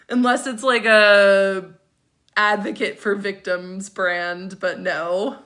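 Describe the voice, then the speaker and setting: A woman's voice: medium pitch, bright, forceful tone. A woman in her thirties hosting a casual livestream, reading viewer comments aloud and answering them with chatty asides and frequent laughs. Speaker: livestream host.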